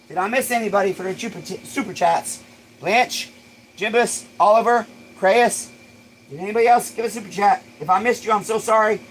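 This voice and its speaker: A man hosting a casual livestream, excitable and swearing freely, bursting into shouts. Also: high-pitched, slight background noise, poor audio. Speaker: livestream host.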